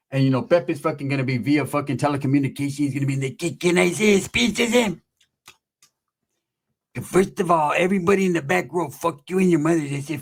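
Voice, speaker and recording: A man telling rambling, profane comedy stories about his family, slipping into impressions of his relatives. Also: mid-range voice. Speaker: comedic storyteller. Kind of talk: casual comedic storytelling monologue.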